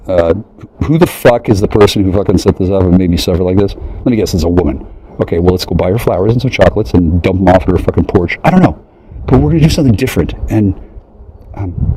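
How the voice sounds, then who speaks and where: A man talks in a long, profane, rambling monologue. His voice sits low and dark but jumps wildly in pitch as he mocks imagined people. A faint noise hangs in the background. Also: low-quality recording. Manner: profane, rambling, swings into mocking high voices.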